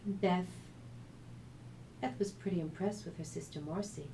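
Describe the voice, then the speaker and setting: A woman's voice: fairly low pitch, measured pace, gravelly, pauses often, dark tone, a little hiss or hum, low-quality recording. A woman, the author and radio host, reading a family story aloud and adding her own commentary.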